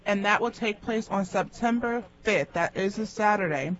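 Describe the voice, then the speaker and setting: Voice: mid-range voice, moderate pace, fairly bright tone. A radio co-host reading church announcements carefully, with small hesitations. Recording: dull lo-fi radio broadcast.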